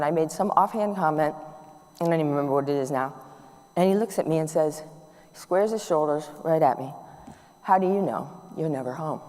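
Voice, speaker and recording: A middle-aged woman giving a talk to an audience, telling stories with acted-out dialogue. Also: deep voice. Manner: warm, animated storytelling with acted-out dialogue. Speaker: speaker. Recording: long hall reverb.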